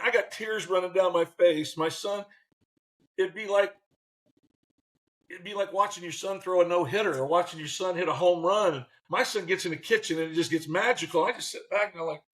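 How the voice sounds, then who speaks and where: A man in his sixties, a former baseball manager, telling lively stories as an interview guest and acting out what people said. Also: high-pitched. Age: 60s. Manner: animated, acts out quotes in voices. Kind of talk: storytelling in a faith interview.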